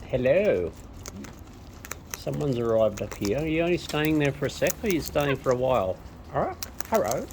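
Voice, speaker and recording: A woman talks to wild birds in a slow, low voice that swoops wildly up and down in coaxing baby talk. Clear outdoor noise sits behind her. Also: very animated, a little mellow. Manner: coaxing sing-song baby talk to animals. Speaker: bird feeder filming wild birds. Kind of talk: talking affectionately to birds while feeding. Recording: noisy outdoor recording.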